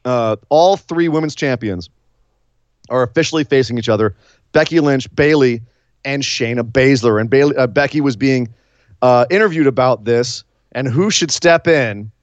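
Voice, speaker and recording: A man co-hosting a casual wrestling podcast, excitable and jokey, laughing often. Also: medium pitch, moderate pace, no room sound, muffled recording. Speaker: podcast co-host.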